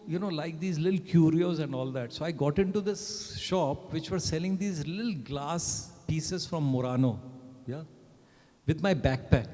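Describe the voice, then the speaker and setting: A man's voice: on the high side, darkish tone. A man, telling anecdotes as a panel guest in a chatty way, often tagging sentences with "right?". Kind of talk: anecdotal storytelling. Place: event hall. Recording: long reverb of a large hall.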